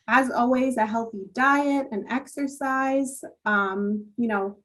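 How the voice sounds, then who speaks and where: A woman with a slightly high voice walks listeners through hearing care. Her tone is plain and explanatory, and ums and you knows run through it. She is speaking into a computer mic on a video call. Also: slow pace, a bit bright. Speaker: audiologist presenter. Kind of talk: virtual presentation talk.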